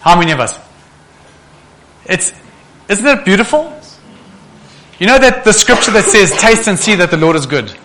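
A man preaching a sermon, often putting rhetorical questions to the congregation in a lively, animated way. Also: high-pitched, normal speed, pauses often, background noise. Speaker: pastor.

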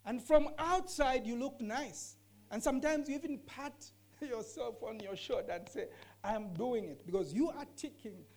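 A woman's voice: high voice, animated, moderate pace. A woman teaching scripture during a discussion, earnest and emphatic, often repeating her key phrases. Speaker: bible teacher.

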